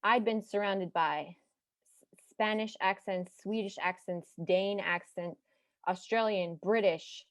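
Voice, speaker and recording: A young woman from Texas with no regional accent, telling a personal story to an audience in a chatty, animated way with side remarks. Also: medium pitch, slow pace, no echo. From Texas, United States.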